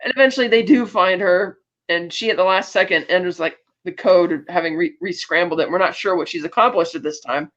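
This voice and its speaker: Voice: medium pitch, a little fast, few pauses, a bit bright. A podcast co-host casually recapping a film, retelling scenes with loose asides and acted bits of dialogue. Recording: dull lo-fi audio.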